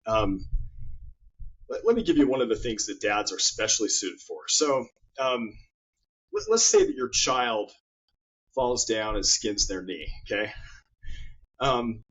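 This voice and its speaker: A man with a husky, slightly breathy voice talks earnestly as a guest in an interview. He builds his points through stories, often doubling up on words as he speaks. The audio is muffled and lo-fi, with its top end dulled. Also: fairly low pitch, wildly swooping pitch, unhurried, pauses often, fairly bright tone. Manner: earnest storyteller, repeats words. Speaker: guest author. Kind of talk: interview conversation.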